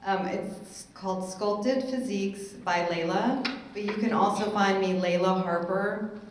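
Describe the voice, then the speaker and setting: A woman's voice: mid-range voice, unhurried, slight background noise. A woman personal trainer speaking on a panel, chatty and upbeat and laughing at her own jokes. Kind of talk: casual panel talk. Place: conference hall at a summit. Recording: roomy hall echo.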